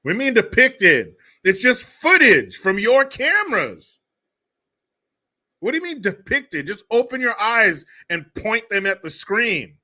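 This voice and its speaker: Bright, animated ranting man. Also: sits high, unhurried. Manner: profane, mocking rant. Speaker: host. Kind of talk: livestream political commentary.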